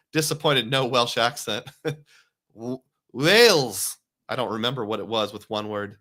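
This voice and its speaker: Bright-voiced man hosting a livestream. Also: medium pitch, normal speed. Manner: casual, thinking aloud, chatty with viewers. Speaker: host. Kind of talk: live-stream commentary.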